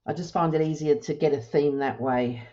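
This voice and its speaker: A woman hosting a crafting tutorial, explaining each step in a relaxed, chatty way and thinking aloud with small self-corrections. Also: deep voice, normal speed, muffled recording. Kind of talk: casual step-by-step demonstration.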